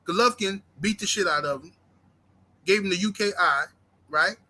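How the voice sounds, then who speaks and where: Speaking at a moderate pace, this boxing commentator has a high, sharp, forceful voice and an intense, combative tone. He's profane and fired up, swearing freely as he hurls rhetorical questions at his audience.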